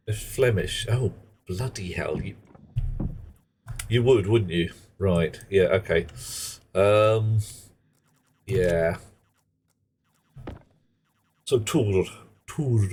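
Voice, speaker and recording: Slow, low-voiced male streamer. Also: a little mellow, slight background noise. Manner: rambling, joking, muttering asides. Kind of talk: casual live-stream chat while gaming.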